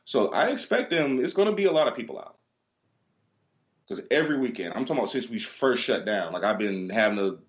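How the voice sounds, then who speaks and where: A man co-hosting a podcast, telling stories in a loose, animated way, swearing freely and acting out the exchanges. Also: lowish voice, a little fast, lo-fi sound. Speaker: podcast co-host. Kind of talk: casual chat, storytelling.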